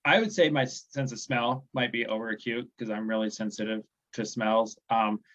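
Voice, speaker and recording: Man in his forties, casual halting chat, dull lo-fi audio. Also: medium pitch, steady tone, fairly bright tone. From USA. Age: 40s. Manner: halting, restarts a lot, chuckles at himself. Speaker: podcast guest.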